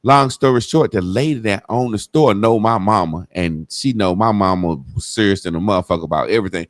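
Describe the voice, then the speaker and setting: A man's voice: lowish voice, fairly quick, dry recording. A man telling a childhood story in casual, profane talk, acting out the people he quotes. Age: adult.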